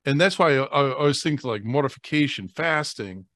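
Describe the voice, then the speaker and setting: A man, a priest, talking in a rambling, animated way with many fillers and restarts on a faith talk show. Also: mid-range voice, normal speed, dry recording, studio quality.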